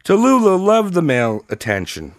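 A man's voice: sits high, wildly swooping pitch, normal speed, dry recording, studio quality. A man hosting a podcast, telling a history story in casual, crude, jokey narration with fillers.

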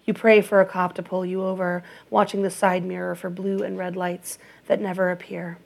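Low, gravelly woman narrating. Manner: measured, even, steady. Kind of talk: audiobook narration.

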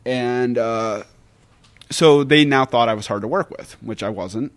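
A man as a podcast guest, telling stories in a casual, animated way and acting out other people's lines. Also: mid-range voice, a little slow. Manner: animated storyteller who acts out quotes. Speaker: guest wrestler.

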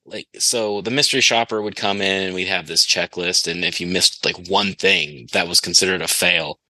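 A man's voice: low voice, animated, moderate pace, gravelly, pushed and bright, no room sound, poor audio. A man telling a long, rambling story on a casual podcast, laughing as he goes. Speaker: podcast guest.

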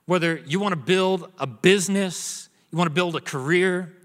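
A man in his thirties preaching a sermon in a church, telling jokes and family stories in a relaxed way. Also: high voice, normal speed. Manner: joking storyteller, acts out his son's voice. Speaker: pastor. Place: church auditorium. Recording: long reverb of a large hall.

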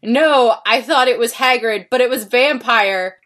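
Woman podcaster reading a story out loud, kinda high voice, dry little asides. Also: measured pace. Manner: wry asides while reading aloud. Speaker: podcast co-host. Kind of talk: comedic dramatic reading.

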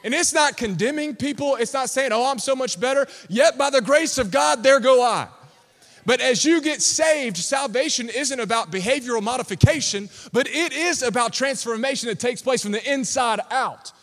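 Preacher, male, very high voice, emphatic delivery, church hall reverb. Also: normal speed, a bit bright. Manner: emphatic, call-and-response with congregation. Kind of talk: sermon. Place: church sanctuary. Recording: long reverb of a large hall.

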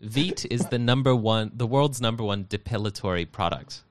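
Low, smooth-voiced man in casual chat. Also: normal speed, no room sound, clean studio sound. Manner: rambling, joking, many fillers. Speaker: podcast co-host.

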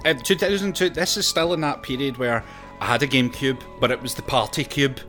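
A man's voice: mid-range voice, a little fast, fairly bright tone, faint music behind. A man in his thirties co-hosting a casual game podcast, easygoing and a bit hesitant, poking fun at himself. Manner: easygoing, hesitant, self-deprecating. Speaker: podcast co-host. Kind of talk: casual podcast chat about retro games.

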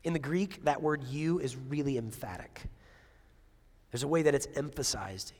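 A man's voice: mid-range voice, normal speed, breathy edge. A male pastor preaching a conversational sermon, full of asides and rhetorical questions. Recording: long reverb of a large hall.

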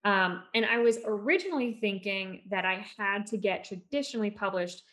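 A woman guest on a podcast, a speech therapist, telling stories from her work. Her voice is mid-pitched and animated. She talks with lots of fillers and restarts. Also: moderate pace. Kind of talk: conversational storytelling.

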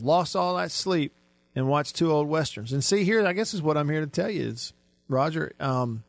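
A man's voice: on the high side, dry recording. Older male radio host, jokey and rambling. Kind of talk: casual radio chat.

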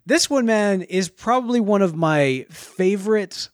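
A man co-hosting a podcast, his speech lively and bouncing up and down in pitch. He talks in a playful, stammering way, restarting his phrases as he goes, and the sound is close and dry. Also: unhurried, smooth, no echo. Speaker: podcast co-host. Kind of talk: casual chat.

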